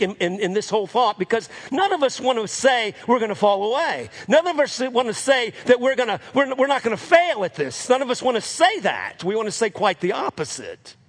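A man's voice: high voice, slightly rough. A man preaching a sermon as pastor, repeating phrases for emphasis and calling out "Amen?" to the congregation.

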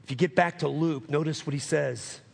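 Male pastor, husky voice, sermon delivery with big swings from loud to hushed. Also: moderate pace. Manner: rising to emphatic highs, dropping to hushed lows; calls for amens from the congregation.

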